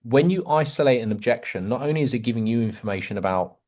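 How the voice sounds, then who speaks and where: A man's voice: medium pitch, fast talker. A man coaching a group on a video call about sales, acting out customer dialogue in changing voices. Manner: lively, acts out sales dialogue in varied voices.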